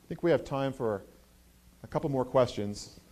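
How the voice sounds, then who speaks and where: A man's voice: mid-range voice, darkish tone. A man speaking as a university president, answering audience questions earnestly with frequent hesitations. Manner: earnest, halting with many fillers. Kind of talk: Q&A answers at a campus address. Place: university event hall.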